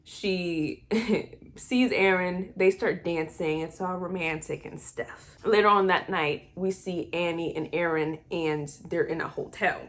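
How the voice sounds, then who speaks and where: A woman's voice: on the low side, slow pace. Chatty woman recapping a movie. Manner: animated, chatty, exasperated asides.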